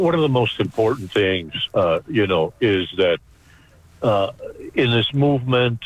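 A man's voice: fairly low pitch, no room sound, rough recording. A man speaking passionately as an activist guest on the radio, with many fillers. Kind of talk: radio interview.

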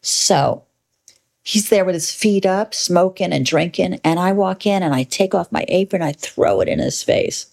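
Gravelly, brash woman telling a story. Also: lowish voice, expressive, normal speed, darkish tone. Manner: brash, emphatic, playful inventive cursing. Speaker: speaker telling a personal story. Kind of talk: animated storytelling monologue.

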